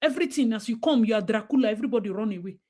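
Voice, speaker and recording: Emphatic Nigerian woman, fairly high voice. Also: animated, very fast, a little mellow. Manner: emphatic, switching into Pidgin, acting out quoted parents. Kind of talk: casual talk-show discussion.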